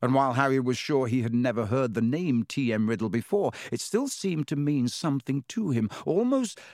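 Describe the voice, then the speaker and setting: A man narrating a children's novel in a measured storytelling manner. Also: mid-range voice, animated, a little mellow, no echo, studio quality. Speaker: audiobook narrator. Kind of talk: scripted narration.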